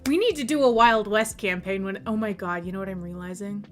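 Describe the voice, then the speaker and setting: A woman's voice: mid-range voice, brisk. A young woman from the American South with a Southern accent, chatting casually with viewers on a stream, rambling and laughing often. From Southern United States. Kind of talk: casual chat with viewers during a work-along stream. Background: soft background music.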